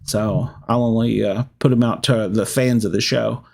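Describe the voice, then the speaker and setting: A man's voice: fairly low pitch, fairly even intonation, normal speed, vocal fry, a little mellow. A man hosting a casual live-streamed podcast, rambling and laughing often between thoughts. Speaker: podcast host.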